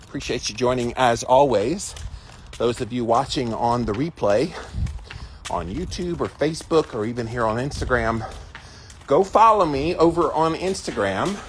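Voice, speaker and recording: A man's voice: medium pitch, lively intonation, moderate pace, slight background noise. Chatty man livestreaming outdoors. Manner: chatty, emphatic, greets viewers by name. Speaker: livestream host. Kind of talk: casual livestream chat. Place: outdoors near chickens. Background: chickens clucking.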